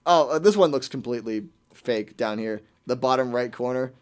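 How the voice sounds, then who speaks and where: A man's voice: mid-range voice, animated, normal speed. A man hosting a radio show, ranting in casual comedic chat with a mocking, incredulous manner.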